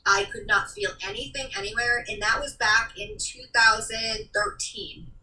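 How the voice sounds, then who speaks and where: An earnest, animated woman hosting a casual talk, her voice very bright with a tense edge. Her pitch swings widely as she speaks in rushes. She sits a little distant from the microphone. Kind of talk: casual podcast conversation. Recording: voice a bit distant from the mic.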